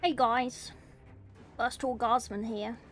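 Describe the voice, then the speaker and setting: Woman impersonating a male gaming youtuber, mock-hype intro voice, halting patter, highish pitch, faint music behind. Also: steady tone, fairly bright tone. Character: male gaming video host, upbeat intro.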